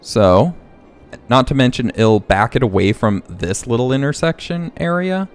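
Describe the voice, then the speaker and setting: A man's voice: medium pitch, lively intonation, clean tone, faint music behind. A young man hosting a casual city-building gameplay video, thinking aloud as he works. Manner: slow, thinking aloud, hiccuping. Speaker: let's play host.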